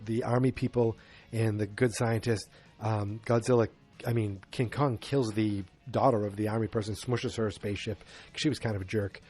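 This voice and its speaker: Here a podcast host with a lowish, slightly mellow voice walks casually through a film's story. His telling meanders, with sarcastic jokes and self-mocking admissions of confusion.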